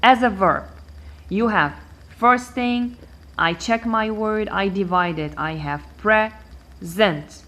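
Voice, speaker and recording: Woman teaching english, patient, repeats stuff, medium pitch. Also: slow pace, fairly bright tone. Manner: patient and repetitive, switching between English, Arabic and French. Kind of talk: language lesson explaining word stress.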